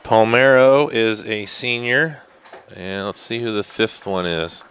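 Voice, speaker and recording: Unhurried bright-voiced male sports commentator. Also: fairly low pitch, smooth. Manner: unhurried, drops to a hushed whisper during tense kicks. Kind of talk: live high school soccer commentary.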